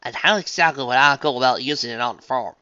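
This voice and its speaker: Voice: medium pitch, quick pace, bright, forceful tone, clear, resonant tone, no room sound, lightly acted. A reader voicing a stubborn, plainspoken country farm pony mare with a folksy drawl, on a dull lo-fi recording. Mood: dismissive. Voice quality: folksy southern-style drawl.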